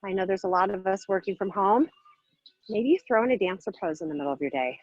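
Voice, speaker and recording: A playful woman leads a yoga class with bright, encouraging cues, a little out of breath as she moves through the poses. Her voice sits at an ordinary pitch and sounds close and dry, with a slightly muffled, dull quality to the recording. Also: fast, no echo. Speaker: yoga instructor. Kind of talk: guided yoga class instruction.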